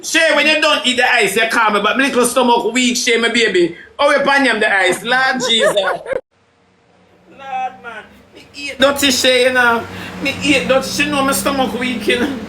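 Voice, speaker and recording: A man with a Jamaican accent hosting a loud, teasing live chat in patois with a flamboyant manner. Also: very high voice, brisk. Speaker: TikTok live host. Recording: echoey room with loud background noise.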